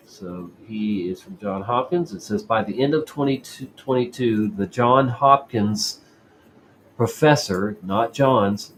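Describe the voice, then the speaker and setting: A man's voice: mid-range voice, a little hiss or hum. A man hosting a show, casually reading news articles aloud with sarcastic asides and often stumbling over words. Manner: stumbling, repeats and restarts words while reading. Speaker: show host.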